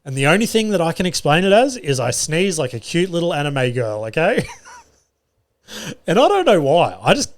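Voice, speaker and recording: Swearing Australian comedian telling stories. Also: male voice, fairly high pitch, very animated, normal speed. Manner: chatty, swears freely, self-mocking. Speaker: comedian and podcast host. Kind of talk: casual solo podcast storytelling. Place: podcast studio.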